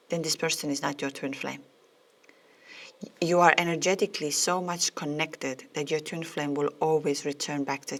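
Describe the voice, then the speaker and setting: Low gravelly-voiced woman podcaster, earnest. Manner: earnest, heartfelt, repeats phrases, non-native phrasing. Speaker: podcast host and twin flame coach. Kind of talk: spiritual podcast monologue.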